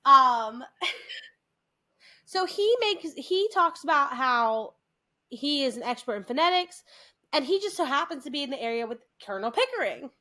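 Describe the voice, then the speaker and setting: A woman's voice: high-pitched, big pitch swings, moderate pace, sharp tone. A young woman co-hosting a podcast, chatting casually and retelling scenes with playful impressions. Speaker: podcast co-host. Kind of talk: casual chat.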